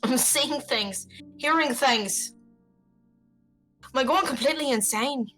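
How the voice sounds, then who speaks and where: A woman streamer with a bright, forceful voice reads a story game aloud and reacts between lines, swearing freely. Faint music plays underneath. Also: sits high, rough recording. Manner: expressive, swearing, quick reactions.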